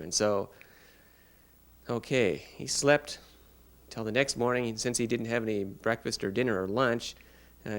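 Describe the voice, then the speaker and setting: A man interpreting a child's signed story aloud, narrating a fairy tale in an unhurried, halting way with pauses. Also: medium pitch, fairly bright tone. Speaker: sign language interpreter voicing a child.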